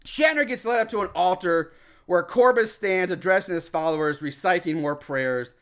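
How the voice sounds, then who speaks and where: A man co-hosting a casual podcast, recapping a movie scene by scene in an animated, profane way and laughing often. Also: high-pitched, moderate pace, clean tone. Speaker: podcast co-host recapping a film. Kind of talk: casual chat.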